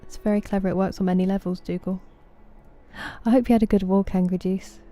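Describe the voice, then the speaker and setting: A woman's voice: mid-range voice, fairly even intonation, brisk, dark tone. A woman with an English Estuary accent, chatting casually with viewers while she streams a game. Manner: chatty, answers chat messages by name.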